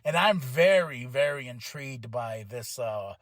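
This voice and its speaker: A man hosting his own wrestling podcast in casual chat, excitable and rambling, with many restarts and bursts of laughter. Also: medium pitch, no echo. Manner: excitable, rambling, quick restarts and self-corrections; breaks into laughter and shouted exclamations.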